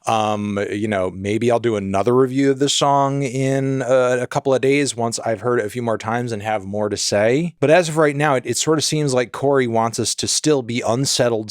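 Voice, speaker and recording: A man hosting a casual music review, talking in an animated, joking way with sudden jumps in pitch. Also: moderate pace, hardly any pauses, dry recording, clean studio sound. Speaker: music critic host.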